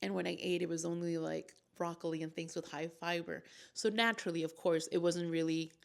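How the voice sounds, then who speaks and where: A woman's voice: lowish voice, steady tone, a little fast, vocal fry. A young woman vlogger telling a personal story in a casual, emotional, rambling way with lots of fillers.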